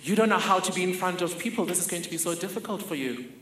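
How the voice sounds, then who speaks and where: A man's voice: high voice, animated, fast, pushed and bright, roomy sound. A man voicing his determined, defiant middle-aged mother in a story. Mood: doubtful. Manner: firm, quoted speech within a story.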